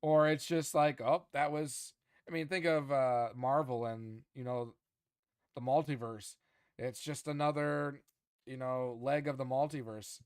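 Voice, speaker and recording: A man co-hosting a fan podcast in casual chat, getting animated and frustrated, restarting his sentences often. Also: mid-range voice, unhurried, clean tone, no room sound, studio quality. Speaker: podcast co-host.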